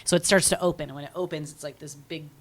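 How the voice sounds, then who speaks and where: A woman's voice: sits low, steady tone, quick pace, no room sound. A woman co-hosting a podcast, chatting casually as she recaps a film and acts out the scenes with silly voices and sound effects. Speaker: podcast co-host.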